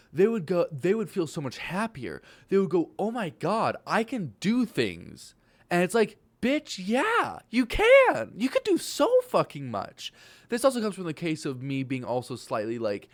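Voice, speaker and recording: A man of twenty-one giving a casual motivational rant, animated and swearing, his voice jumping into loud exclaims. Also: fairly high pitch. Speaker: vlogger.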